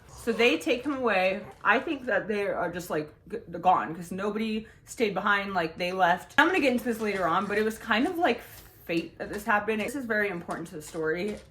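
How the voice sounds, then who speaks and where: A woman's voice: medium pitch, fairly bright tone, a little hiss or hum. A young woman telling a personal story to her viewers from home, in a frank, profane, rambling manner full of "like" fillers. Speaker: vlogger. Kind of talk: casual storytime monologue.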